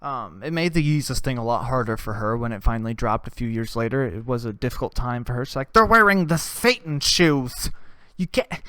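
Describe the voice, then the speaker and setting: A man's voice: medium pitch, fast, few pauses, smooth, no room sound, studio quality. A young adult man hosting a podcast. He tells stories in a loose, casual monologue, swears a lot and laughs at his own tales. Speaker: podcast host.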